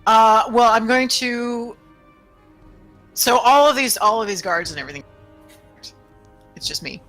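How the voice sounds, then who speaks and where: A woman's voice: a little high, measured pace, a bit bright, faint music behind. A woman playing in a tabletop game, talking hesitantly with restarts. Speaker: player.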